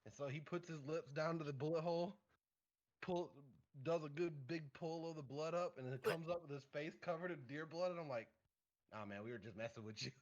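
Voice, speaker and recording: A man's voice: on the high side, brisk, lo-fi sound. A young man from Michigan, co-hosting a casual podcast and telling hunting stories with a laid-back, laughing manner. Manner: relaxed storyteller, laughs often. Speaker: podcast co-host.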